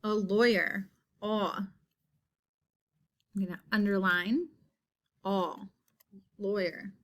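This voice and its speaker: A woman teacher leading a phonics lesson for young children, slowly stretching out and repeating each word sound. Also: mid-range voice, fairly even intonation, fairly bright tone.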